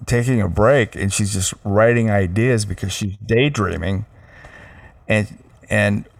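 A middle-aged father co-hosting a casual chat at home, rambling with lots of restarts. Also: lowish voice. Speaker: father and podcast co-host. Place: home room with air conditioner.

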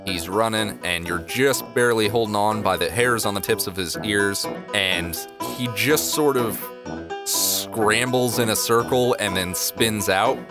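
A man narrating as game master of a tabletop game, in relaxed, playful storytelling. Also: lowish voice, measured pace, loud music behind the voice.

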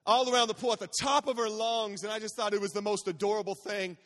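A man's voice: sits high, steady tone, fast talker, fairly bright tone. A man in his forties, a guest pastor telling a humorous family story in a sermon, chatty and calling out to the congregation. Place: large church sanctuary. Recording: long church hall reverb.

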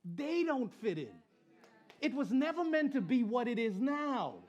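A middle-aged man preaching a sermon as pastor, animated, repeating phrases and joking with the congregation. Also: extremely high pitch, unhurried, lo-fi sound. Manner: animated preaching with repetition and crowd banter. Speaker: pastor and Christian rapper.

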